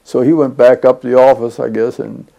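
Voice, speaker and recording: Older man, interviewee, deep mellow gravelly voice, loose rambling storyteller. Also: steady tone, fairly quick. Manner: rambling, chatty with frequent fillers and laughs. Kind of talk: oral history storytelling.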